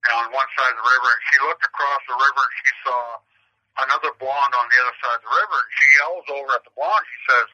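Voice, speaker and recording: Halting man on a muffled prison phone line. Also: mid-range voice, pushed and bright. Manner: halting, repeats words, tells crude jokes. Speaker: prison inmate taking questions. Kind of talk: rambling phone storytelling.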